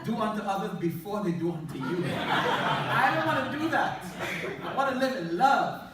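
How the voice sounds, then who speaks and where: A woman's voice: medium pitch, lively intonation, moderate pace, heavy background noise. A woman counselor giving a humorous talk to an audience, telling jokes and anecdotes. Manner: jokey anecdotal storytelling. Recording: echoey hall from far off.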